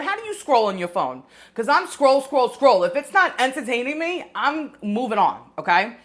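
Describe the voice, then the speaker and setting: A woman's voice: on the high side, fairly bright tone. A woman hosting a casual live cooking stream, chatting with viewers and explaining recipes in a rambling, friendly way. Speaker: cooking show host.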